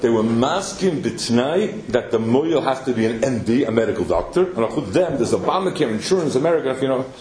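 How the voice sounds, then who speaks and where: A man telling a story as a sermon, animated, with many Yiddish and Hebrew terms in his English. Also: mid-range voice, brisk, hardly any pauses, reverberant.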